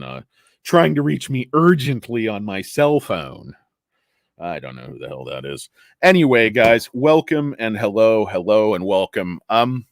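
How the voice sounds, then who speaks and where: A tired man rambles through a casual stock market show, joking and poking fun at himself. His pitch jumps all over the place, and the sound is dry and close to the mic. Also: no room sound. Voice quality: rambling, joking, self-deprecating. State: tired from lack of sleep. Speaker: stock market commentator host. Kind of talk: casual livestream talk.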